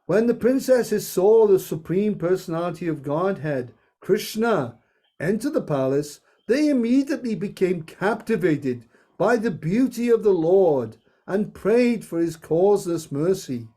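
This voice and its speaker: Reading a scripture story to a group, a man goes slowly with leisurely pauses, his high voice sounding soft, mellow and animated. Every so often he interrupts himself with playful asides.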